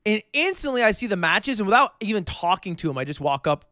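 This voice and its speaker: A man's voice: high-pitched, big pitch swings, quick pace, pushed and bright, no room sound. A young man in his twenties, a streamer casually telling a joking story with plenty of swearing.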